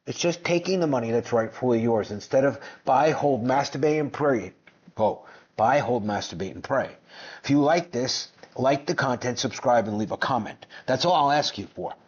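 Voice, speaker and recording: A man giving brash, mocking commentary on finance clips, boastful and combative. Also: medium pitch. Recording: dull lo-fi sound.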